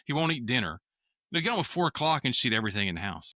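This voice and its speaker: Lively, bright-voiced man telling stories. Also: medium pitch, rapid-fire, dry recording. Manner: laughing, anecdotal storytelling. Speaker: podcast co-host or guest. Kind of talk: casual chat.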